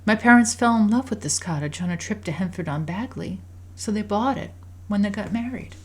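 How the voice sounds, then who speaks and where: A woman voicing a gentle, loving mother in a game story, speaking softly and reassuringly. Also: mid-range voice, expressive, fairly quick, slightly rough, pitched above the performer's own voice. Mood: tender.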